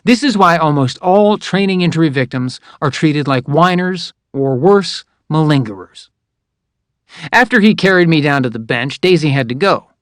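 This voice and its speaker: A man narrates a first-person memoir audiobook with a measured, wry, matter-of-fact delivery. His voice sits a little higher than most men's and is recorded close on a dry studio mic. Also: lively intonation, fairly bright tone, no room sound.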